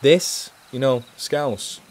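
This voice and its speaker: A man's voice: medium pitch, very slow, darkish tone. A man from England with a mixed northern English accent, hosting a casual charity live stream Q&A, chatting eagerly and swearing casually.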